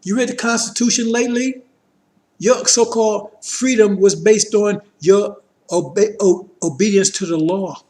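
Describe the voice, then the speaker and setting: High-pitched man preaching emphatically. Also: fairly even intonation, unhurried, darkish tone. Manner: emphatic, rhetorical questions, repeated tag checks with listeners. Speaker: religious teacher addressing a congregation. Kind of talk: preaching political lecture.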